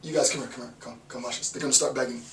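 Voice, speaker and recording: A man's voice: medium pitch, fairly even intonation, very fast, a bit bright, close to an everyday voice. A man putting on the voice of a gloating onlooker who taunts and giggles at people begging. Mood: taunting. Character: gloating mocking onlookers, sneering at beggars. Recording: roomy, distant mic, faint noise.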